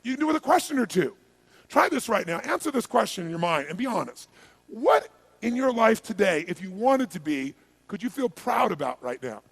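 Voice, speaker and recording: A man's voice: high voice, sing-song, a little fast, creaky, slightly rough, low-quality recording. A man giving a live seminar as a motivational speaker, firing repeated questions and urging the audience to answer.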